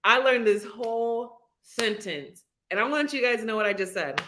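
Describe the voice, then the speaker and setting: Woman livestream host, casual chat, giggly and rambling, bright and tense tone. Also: fairly high pitch, normal speed.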